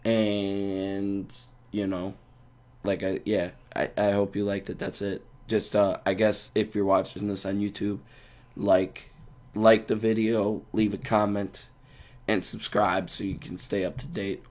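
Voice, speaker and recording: A man with a low, hoarse voice, roughened by a cold, co-hosting a casual podcast. He rambles along loosely and jokes with his co-host. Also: little pitch movement, unhurried, darkish tone. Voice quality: rough sick voice.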